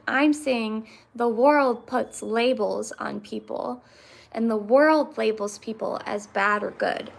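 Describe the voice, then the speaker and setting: Slow-talking young woman chatting on a livestream. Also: a little high, vocal fry, a bit bright. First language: English. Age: 20s. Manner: hesitant, many fillers and restarts. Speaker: livestream host. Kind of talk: casual livestream chat answering viewers.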